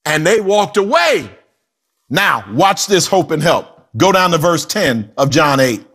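A man preaching a sermon with humor and asides, swinging from shouts to hushed quoted lines. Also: a little high, sing-song, a little slow.

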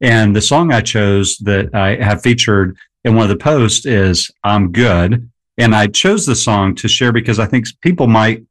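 A man with a fairly low voice, a guest in a radio studio, explaining a song earnestly and thoughtfully. He speaks evenly at the microphone. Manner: earnest, reflective, laughs easily. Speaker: guest, blogger. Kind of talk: casual radio conversation.

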